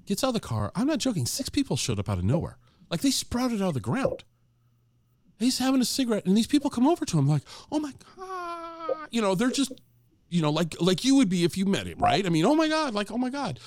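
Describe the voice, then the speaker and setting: A man's voice: sits high, fast talker, no room sound. Middle-aged guy spinning a yarn, voice swoops up and down a lot, dry close sound. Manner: animated, acts out quoted dialogue; conversational, with fillers and restarts. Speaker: guest telling an anecdote. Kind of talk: casual storytelling.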